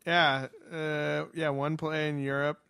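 A man's voice: on the high side, flat delivery, slow pace, creaky, bright, forceful tone, clean tone, no room sound, clean studio sound. A man co-hosting a podcast from home, chatting casually, laughing often and swearing freely. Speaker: podcast co-host. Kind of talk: casual chat. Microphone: headphones and studio mic.

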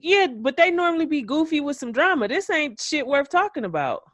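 A woman's voice: sits high, sing-song, fairly quick, a bit bright, dry recording. A woman hosting a podcast, giving a blunt, profane, opinionated recap in casual chat. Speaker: podcast host.

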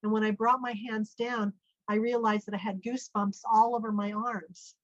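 Animated middle-aged woman telling a story. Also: fairly high pitch, normal speed, no room sound. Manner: animated, acts out quoted speech. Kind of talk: personal storytelling. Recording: dull, dry lo-fi sound.

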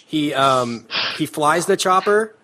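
A man hosting a casual movie review chat, animated and opinionated, often laughing as he talks. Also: fairly high pitch, slow, crowd noise. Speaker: podcast host.

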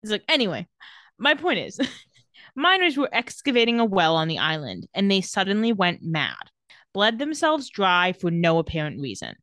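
A playful woman in casual podcast chat, retelling scenes from a show and slipping into the characters' lines with a laugh. Her pitch sits in the middle of the usual range. The mic is close and dry, with no room sound. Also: wildly swooping pitch, a bit bright, no room sound. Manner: playful, quick to laugh, acts out quotes lightly. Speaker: podcast co-host recapping a TV episode.

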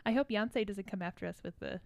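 A woman's voice: medium pitch, quick pace, vocal fry, darkish tone, slight background noise. A young woman hosting a podcast in a casual, playful, teasing chat, laughing often. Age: young adult. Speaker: podcast host.

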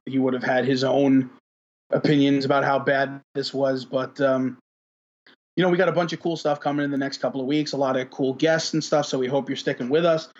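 A man with a husky, slightly raspy voice hosts a podcast in loose, casual chat. He rambles, stacks up filler words and swears freely. The recording sounds dull and lo-fi. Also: mid-range voice. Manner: rambling, heavy on fillers, profane. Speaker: podcast host.

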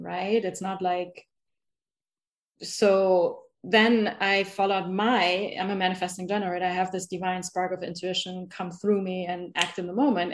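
This is a woman with a German accent who hosts a podcast. She talks in a bubbly, easygoing way, stringing thoughts together with frequent fillers. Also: lowish voice. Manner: bubbly, filler-heavy, lots of "like" and "right?". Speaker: podcast host. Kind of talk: casual conversational interview.

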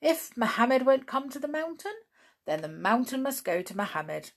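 A woman's voice: high voice, big pitch swings, moderate pace, voice pushed up, full character voice. A woman voicing a cheerful, sensible boy in a storybook reading, speaking with easy confidence.

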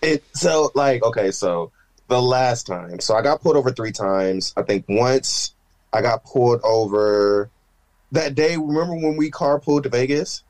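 Co-host, man, mid-range voice, casual and chatty, quick to jump in. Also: medium pitch, a little mellow, rough recording. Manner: chatty, quick interjections and backchannels. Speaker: podcast co-host. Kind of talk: casual chat.

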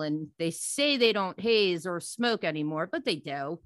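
Bright-voiced blunt woman storyteller. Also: fairly low pitch, normal speed, hardly any pauses, no room sound. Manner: animated storyteller, blunt, swears. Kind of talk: casual podcast chat.

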